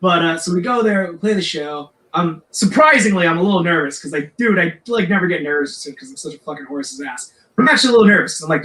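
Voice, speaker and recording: Bright, high-voiced man swearing through a story. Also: fast, few pauses. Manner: profane, rambling, animated. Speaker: podcast guest, metal singer. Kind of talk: casual storytelling chat. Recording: echoey room.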